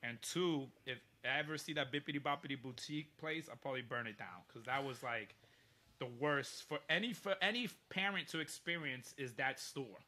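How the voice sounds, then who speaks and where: A man telling a story in casual chat, animated and profane, often laughing mid-sentence. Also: mid-range voice, moderate pace. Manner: animated, profane, laughs through his stories.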